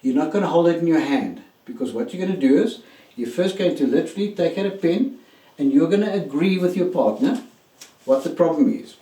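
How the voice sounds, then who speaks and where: A man's voice: on the high side, lively intonation, a little fast, mellow, recorded from a distance. A man giving an emphatic motivational relationship lesson, speaking directly to his listeners. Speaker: relationship coach. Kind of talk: motivational teaching talk. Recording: roomy echo, mic set back.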